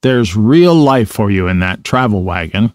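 A man's voice: fairly low pitch, lively intonation, a little slow, no room sound, clean studio sound. A man voicing a rich, boastful male toad who gushes and exclaims over his latest fancy.

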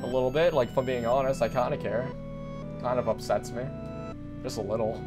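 A young man doing let's play commentary, hyper and rambling, joking around and breaking into sudden loud outbursts. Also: medium pitch, fairly even intonation, brisk. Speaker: gaming commentator. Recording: faint game music behind.

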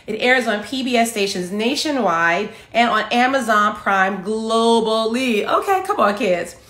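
A woman's voice: fairly high pitch, a little slow, a bit bright, echoey room. A middle-aged woman from Philadelphia hosting a casual livestream, effusive and greeting viewers by name. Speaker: livestream host.

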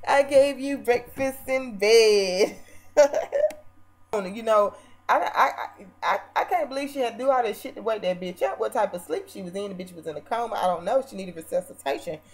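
A woman vlogger mocks a reality show in a casual, brash, profane rant that swings between loud bursts and mumbled asides. She speaks at a medium pitch, talks fast and rarely pauses.

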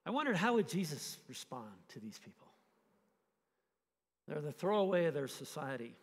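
A man preaching a sermon, telling a story with animated, acted-out scenes. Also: fairly high pitch, normal speed, breathy edge, long reverb tail. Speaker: pastor. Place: church hall.

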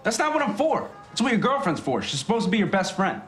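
A man's voice: high voice, big pitch swings, fast talker, a bit bright, soft background music. An actor playing a blunt young man with crude, offhand opinions on dating, in a film comedy scene. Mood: lecturing.

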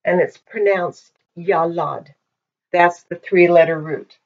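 Slow, low-voiced woman teaching through a dull microphone. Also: fairly even intonation. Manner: patient, methodical, with frequent ums. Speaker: Hebrew teacher. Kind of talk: slow explanatory lesson. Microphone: poor-quality microphone.

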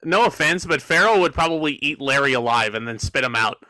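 A man's voice: mid-range voice, expressive, fairly quick, bright, forceful tone, no echo. A man co-hosting a podcast in casual chat, talking emphatically and laughing often. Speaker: podcast co-host.

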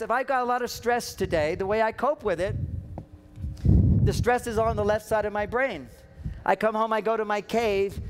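A man's voice: very high-pitched, fairly bright tone. A man giving a humorous seminar talk on an outdoor stage, playfully acting out the voices he quotes. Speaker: seminar speaker. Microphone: microphone catching wind.

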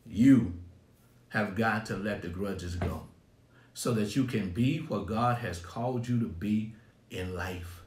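A man's voice: lowish voice, takes it slowly, a little mellow, reverberant, slight background noise. A middle-aged man, a pastor preaching a sermon in an emphatic, colloquial style, repeating his points over and over. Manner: emphatic, colloquial and repetitive, often laughing.

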